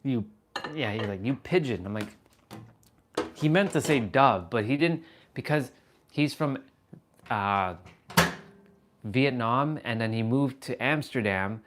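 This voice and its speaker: A man hosting a livestream, talking casually and telling an animated story, swearing freely. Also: mid-range voice, slow, pauses often, noisy background. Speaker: livestream host.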